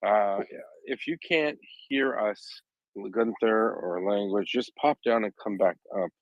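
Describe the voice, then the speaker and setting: A man asking questions in a casual online discussion, joking and chatty, with halting restarts. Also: fairly low pitch, animated, no echo, dull audio. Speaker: panel regular asking questions.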